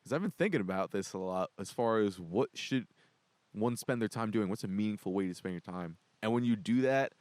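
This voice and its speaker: A man's voice: fairly low pitch, animated, a little mellow, no room sound. A young man hosting a casual podcast, loose and swearing often. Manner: loose, swearing, laughing often, quick questions. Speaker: podcast host.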